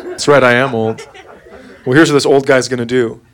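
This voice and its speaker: A man's voice: mid-range voice, brisk, crowd noise, background noise. A middle-aged man doing stand-up, telling a story about his son in a dry, sarcastic way. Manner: deadpan, sarcastic. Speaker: stand-up comedian.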